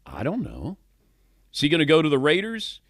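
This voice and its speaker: Lively-voiced male sports talk host. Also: fairly high pitch, normal speed, no room sound, studio quality. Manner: animated, chatty, laughs often.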